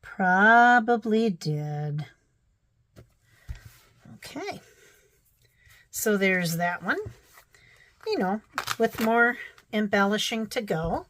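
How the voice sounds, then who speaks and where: A woman's voice: mid-range voice, very animated, takes it slowly, pauses often, fairly bright tone. A woman narrating her crafting casually, thinking aloud with chatty, self-deprecating asides.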